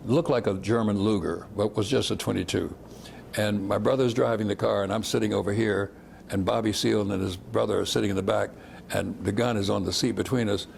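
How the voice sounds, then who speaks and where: A man's voice: fairly low pitch, steady tone, brisk, creaky, darkish tone, slight background noise. An older man, a civil rights veteran, describing old photos fondly, often chuckling and trailing off. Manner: chuckling, fond, rambling. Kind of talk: reminiscing talk.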